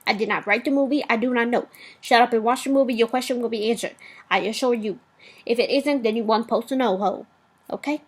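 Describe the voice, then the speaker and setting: A woman's voice: fairly high pitch, fast, husky, low-quality recording. Blunt, swearing woman ranting. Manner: blunt, profane, rambling with filler asides. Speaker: vlogger. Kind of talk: profane rant.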